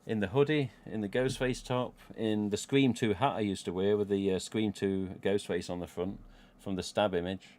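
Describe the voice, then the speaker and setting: A man's voice: lowish voice, steady tone, moderate pace, hardly any pauses, a little mellow. A middle-aged man with an English Midlands accent, chatting casually on a live stream, rambling and swearing freely as he goes. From England. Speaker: livestream host.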